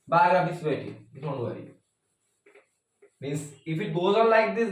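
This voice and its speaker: A man's voice: on the high side, sing-song, measured pace, pauses often. A man teaching a math lesson in a chatty way, joking aside and using "means" as a filler. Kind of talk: casual math tutorial. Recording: very echoey room, mic at a distance.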